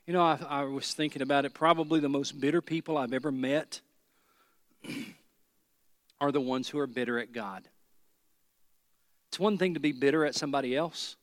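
A man's voice: medium pitch, normal speed, pauses often, no room sound. Preacher, male, emphatic, builds through repeated phrases, dry close sound. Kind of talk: sermon.

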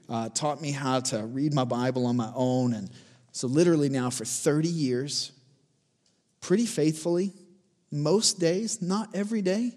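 A man in his forties delivers a sermon in a relaxed, conversational way, urging his congregation on and circling back to the same challenges. His voice sits a little high for a man. Its tone stays warm and mellow rather than bright. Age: 40s. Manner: conversational, encouraging, repeats challenges. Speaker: pastor.

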